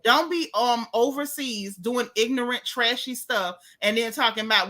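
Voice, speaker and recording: A woman hosting a casual gossip chat about reality TV, talking in an animated, sassy, emphatic way with frequent restarts. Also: a little high, normal speed, few pauses. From United States. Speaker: host.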